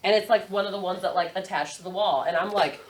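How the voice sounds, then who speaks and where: A woman's voice: medium pitch, fast, recorded from a distance. A young adult woman, a podcast guest, telling a story in casual chat, swearing and laughing often. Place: podcast studio.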